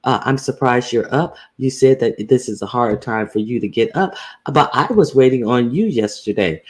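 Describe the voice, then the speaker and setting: A woman's voice: rumbling low, lively intonation, normal speed. A woman hosting a casual livestream, greeting viewers by name and talking bluntly with plenty of profanity. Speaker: livestream host.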